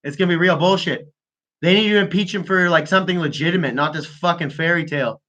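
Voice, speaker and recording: High, bright-voiced profane man. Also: fast talker, dull audio. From Canada. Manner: profane, boastful, rambling. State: high on weed. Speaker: host. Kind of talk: casual call-in chat with freestyle rapping.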